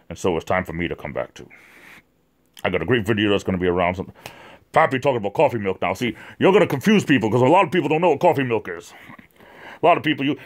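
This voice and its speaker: A man of middle pitch hosts a loose livestream chat. He rambles from one thing to the next and stops to answer viewers by name. His talk is full of fillers and repeated words. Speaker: livestream host.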